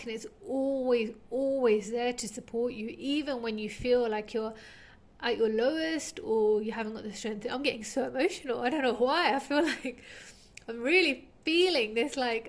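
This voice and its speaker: A woman giving an intuitive tarot reading to her viewers, earnest and heartfelt, rambling with many fillers. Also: fairly high pitch. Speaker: tarot reader.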